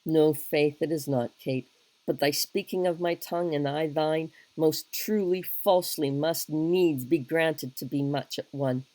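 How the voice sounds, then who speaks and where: A woman's voice: low-pitched, unhurried, warm tone, dry recording, rough recording. A woman teacher reading aloud a blunt young English king in an earnest, plain-spoken wooing speech. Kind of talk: dramatic reading of a play.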